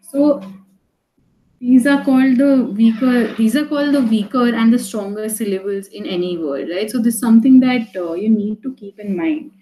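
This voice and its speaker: A woman leads an online poetry lesson in a loose, chatty way, restarting words and asking "right?" again and again. Her voice is mellow and soft-edged. She sounds like she is in an echoey room. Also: fairly high pitch, normal speed, slight background noise. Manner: chatty, with many fillers and restarts; checks in with "right?" often. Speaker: poetry teacher. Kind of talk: live online class.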